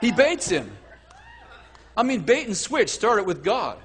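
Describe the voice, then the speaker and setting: A male preacher giving a lively sermon, acting out voices and often restarting his sentences. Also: high-pitched, moderate pace, slight background noise. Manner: animated, acts out voices, self-correcting.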